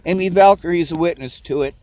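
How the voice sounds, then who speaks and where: High-voiced man on an angry rant. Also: fast, darkish tone, a little hiss or hum. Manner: agitated, profane, repetitive venting. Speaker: vlogger. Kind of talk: angry personal rant to camera.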